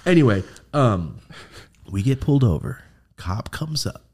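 A man's voice: mid-range voice, sing-song, measured pace, a little mellow, breathy edge. A man hosting a podcast, telling stories in casual chat, swearing often and laughing as he talks. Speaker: podcast host.

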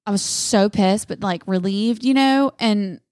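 A young woman, co-hosting a podcast in casual chat, telling a story with lively asides. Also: mid-range voice, a little slow, no room sound, studio quality. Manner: animated storytelling, acts out voices. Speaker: podcast co-host.

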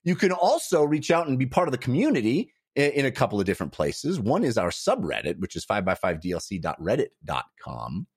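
A male podcast host with a very lively, up-and-down voice, recorded close and dry. He hypes the show like an announcer, talking in big, theatrical swings. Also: a little fast, few pauses, slightly rough, no echo. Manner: booming showman intro, pitch swinging wide. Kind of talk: energetic podcast hosting.

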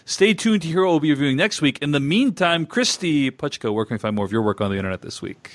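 A man's voice: on the high side, lively intonation, fast, no echo. A man hosting a podcast, talking in a thoughtful, hesitant way with many fillers. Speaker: podcast host. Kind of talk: casual chat.

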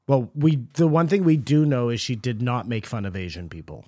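A man's voice: mid-range voice, brisk, dark tone, no room sound, studio quality. A man co-hosting a podcast in casual chat, skeptical and joking as he pokes holes in a story. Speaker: podcast co-host.

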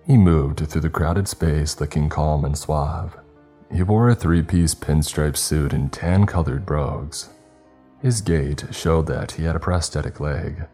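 A man narrating a horror story in a slow, grave, measured way. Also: extremely low pitch, warm tone, slightly rough, soft background music.

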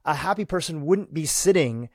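A man's voice: fairly high pitch, animated, moderate pace, no echo. Dry-sounding male interview host. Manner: thoughtful, builds on the guest's points with questions. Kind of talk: casual interview.

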